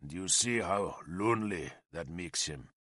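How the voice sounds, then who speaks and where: A man reading an audiobook and voicing a grave Numidian warlord who speaks slowly and carefully. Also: sits low, animated, fairly bright tone, no room sound, studio quality, exaggerated voice. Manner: slow, careful, deliberate speech. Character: slow, grave Numidian warlord, loyal veteran.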